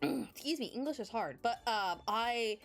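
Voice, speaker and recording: A woman's voice: fairly high pitch, expressive, moderate pace, gravelly, faint music behind. A woman streamer in casual chat with her viewers, bubbly and giggly as she talks.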